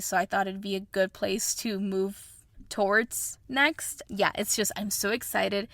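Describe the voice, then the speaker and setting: A young woman from Mexico, Spanish as her first language, hosts a solo podcast in a chatty, effusive way. Her voice has a gravelly edge. It is recorded close and dry, with no room sound. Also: medium pitch, moderate pace, a bit bright, no echo. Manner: chatty and effusive, says y'all. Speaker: podcast host. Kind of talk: casual solo podcast chat.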